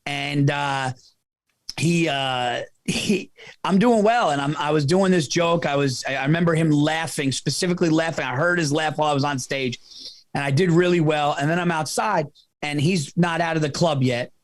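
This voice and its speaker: A comedian hosting his podcast tells a story in a loose, self-mocking way, laughing and swearing freely. His voice sits a little high and the sound is dry and close. He keeps it casual and animated. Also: moderate pace, dry recording. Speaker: comedian host.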